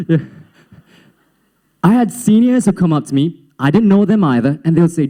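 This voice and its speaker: Young guy with a bit of a western accent telling stories to kids on stage, laughs a lot, warm voice. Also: high voice, fast talker. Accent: slight Western-sounding accent. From Singapore, raised in Southeast Asia. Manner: animated storytelling, acts out quotes, laughs often. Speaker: youth event speaker. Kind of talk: personal story talk to a young audience.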